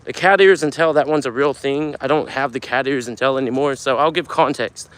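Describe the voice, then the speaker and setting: A young man chatting on a casual live stream, reading out viewer comments and telling stories in an animated, foul-mouthed way. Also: mid-range voice, a little fast, clean tone. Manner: animated storyteller, swears a lot, gets loud when telling a story. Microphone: phone camera.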